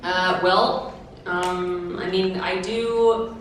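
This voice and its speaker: A woman's voice: lowish voice, fairly even intonation, drawn-out words. Young woman, casual convention Q&A, chatty, fillers, distant mic, noisy echo. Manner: chatty, laughing, many fillers and restarts. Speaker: cosplayer taking audience questions. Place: convention panel room.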